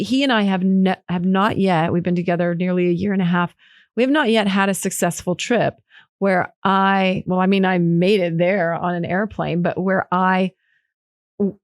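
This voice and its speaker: A woman's voice: on the low side, a little mellow, no echo, clean studio sound. A woman hosting a podcast, telling a personal story in a candid, emotional, rambling way with many restarts. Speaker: podcast host.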